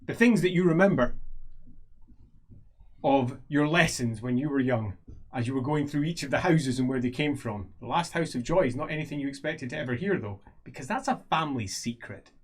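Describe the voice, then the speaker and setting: A man's voice: mid-range voice, animated, fairly quick. A man narrating a tabletop role-playing game as game master, in a playful storytelling manner.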